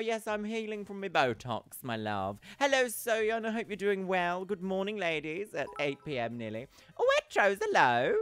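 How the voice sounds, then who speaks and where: A woman's voice: fairly low pitch, sing-song, normal speed, few pauses, fairly bright tone, no room sound. A woman streaming a game live and chatting casually. She greets her viewers by name and calls them "my love". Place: at home.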